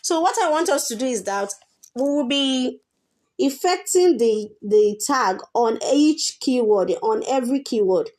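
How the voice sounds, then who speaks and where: A woman walks through a coding tutorial at an unhurried, deliberate pace. Her voice sits a little high, and she explains patiently, repeating points and pausing on fillers as she goes. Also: expressive, darkish tone. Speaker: coding teacher. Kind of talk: screen-share coding tutorial.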